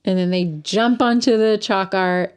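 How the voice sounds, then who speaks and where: A woman co-hosting a podcast in casual chat, animated and laughing often, acting out lines from a film. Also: medium pitch, unhurried, clear, resonant tone. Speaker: podcast co-host.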